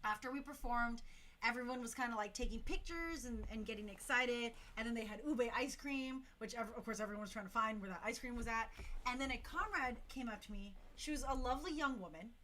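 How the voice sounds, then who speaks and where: Bright, upbeat young woman hosting a talk show. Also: on the high side, a little fast, slight background noise. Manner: enthusiastic and chatty, full of slang and fillers. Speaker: talk show host for a dance crew. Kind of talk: casual talk show announcements.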